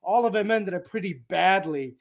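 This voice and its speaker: Animated, profane podcast guest man. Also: high-pitched, moderate pace, gravelly. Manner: animated, profane ranting with frequent laughs. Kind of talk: casual podcast chat.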